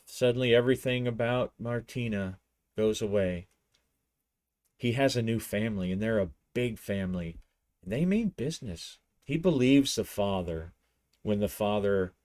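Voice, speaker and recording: Male solo-game narrator, low and unhurried, loose storytelling with restarts. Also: a little mellow, no room sound.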